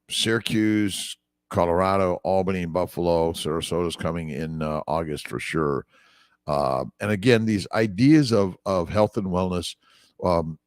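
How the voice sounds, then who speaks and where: Deep-voiced older man, dry close sound. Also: no room sound. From United States. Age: 60s. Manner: rambling, encouraging, reads out names and comments. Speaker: doctor hosting a morning livestream. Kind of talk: casual livestream chat reading viewer comments. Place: away from his usual office. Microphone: phone mic.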